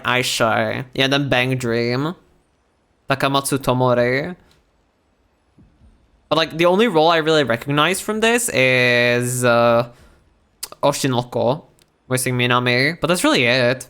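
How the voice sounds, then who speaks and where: A man's voice: medium pitch, a bit bright, clear, resonant tone. A young man chatting casually while streaming a game, rambling with lots of fillers and restarts. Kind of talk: casual chat while gaming.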